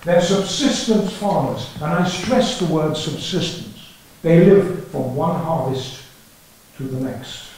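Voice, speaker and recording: A man's voice: fairly high pitch, takes it slowly, a little mellow, distant mic. Older man lecturing in an echoey hall. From England. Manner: dry wry humour, storytelling. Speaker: archaeology lecturer. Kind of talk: conference lecture with slides. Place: conference hall. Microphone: lectern or headset mic, battery trouble.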